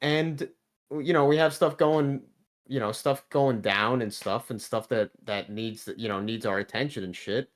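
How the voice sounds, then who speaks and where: A man's voice: mid-range voice, a little slow. A man in his thirties telling a work story in casual podcast chat, laid-back, swearing constantly and restarting his sentences. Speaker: podcast guest.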